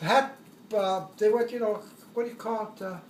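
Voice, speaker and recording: An older man telling a war story in a casual, rambling way, chuckling and acting out shouted quotes. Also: sits high, fairly even intonation, moderate pace, recorded from a distance, slight background noise. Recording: echoey room, voice away from the mic.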